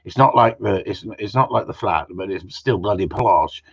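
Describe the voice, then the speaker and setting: A man with a lowish, creaky, husky voice talks at a moderate pace while hosting a casual live Q and A stream. He rambles and jokes, swears freely, and tacks tag questions onto what he says. The audio is muffled and lo-fi.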